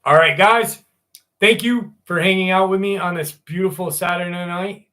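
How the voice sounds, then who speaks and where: A man's voice: sits high, normal speed, pushed and bright. Chatty man signing off a live stream. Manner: loose and chatty, swears and laughs easily. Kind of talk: casual sign-off chat with viewers.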